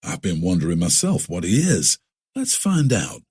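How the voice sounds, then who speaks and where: A man's voice: deep voice, wildly swooping pitch, moderate pace, darkish tone, slightly rough, exaggerated voice. A man voicing an inquisitive young newcomer on the northern trail. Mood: curious. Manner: inquisitive, eager questions.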